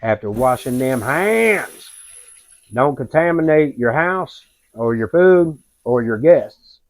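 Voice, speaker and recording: A man hosting a home cooking video, narrating in a relaxed, folksy and rambling way. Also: mid-range voice, slow. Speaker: cooking show host. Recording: dull lo-fi, dry.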